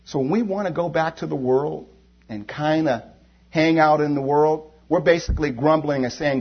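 A man preaches a sermon in a slightly high, husky voice. His delivery is emphatic and repetitive, moving between loud and quiet stretches. The recording has a dull, lo-fi sound. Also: moderate pace. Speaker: lay preacher.

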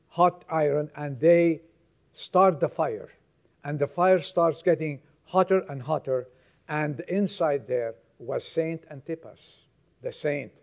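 Slow gravelly preaching man. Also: a little high. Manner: preaching with dramatic storytelling, swings between loud exhortation and hushed tones. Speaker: pastor. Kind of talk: sermon.

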